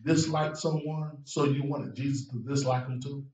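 A man preaching a sermon as a guest preacher, with lively delivery that rises to shouts and drops low for emphasis. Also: moderate pace, a little hiss or hum. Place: church sanctuary. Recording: echoey church room from far off.

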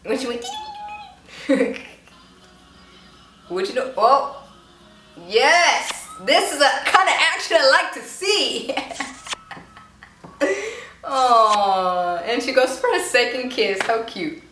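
A woman's voice: fairly high pitch, expressive, takes it slowly, long pauses, pushed and bright, soft background music. A young woman hosting a casual reaction video, chatty and giggly, playfully voicing the people she watches. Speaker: YouTube reaction host. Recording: echoey room with faint noise.

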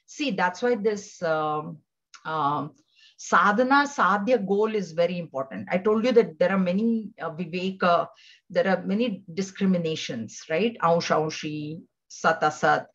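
A woman's voice: on the low side, measured pace. A woman giving a scripture class, telling stories and acting out the voices in them. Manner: storytelling, acts out quoted voices. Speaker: spiritual teacher. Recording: dull lo-fi recording.

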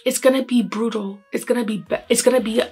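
Husky young woman, exasperated vlogger. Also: fairly high pitch, fairly even intonation, quick pace, darkish tone, soft background music. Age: young adult. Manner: exasperated, sighing, repeats herself. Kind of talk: frustrated opinion vlog.

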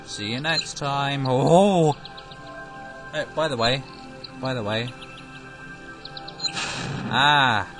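Slow, playful male gamer. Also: medium pitch. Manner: playful, self-mocking, muttering. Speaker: let's play host. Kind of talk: video game commentary. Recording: loud game music underneath.

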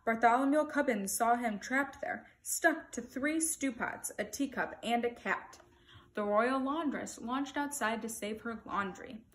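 In an unhurried, fairly high voice, a woman reads a picture book for children aloud, delivering it with animated expression.

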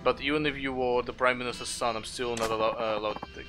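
A nervous, apologetic lounge worker who keeps saying sorry, as a man reads him. He sounds polite and a little flustered, and game music plays clearly behind him. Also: medium pitch, fairly even intonation, fast, natural voice. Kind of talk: reading game subtitles aloud in voices.

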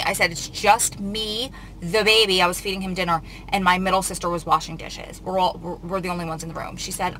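Bright-voiced woman, tearful storytime vlog. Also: mid-range voice, fairly even intonation, a little fast, a little hiss or hum, rough recording. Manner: tearful, confiding, rambling retelling. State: on the verge of tears. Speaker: vlogger.

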